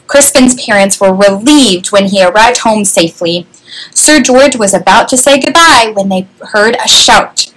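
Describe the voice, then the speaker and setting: A woman reading a children's story aloud with an animated, expressive delivery, recorded on a webcam. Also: fairly high pitch, normal speed, a little hiss or hum, rough recording.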